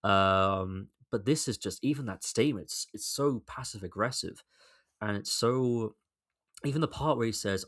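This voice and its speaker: A man's voice: on the low side, normal speed, fairly bright tone. A young man hosting his own podcast, rambling through exasperated solo commentary and swearing freely. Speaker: podcast host.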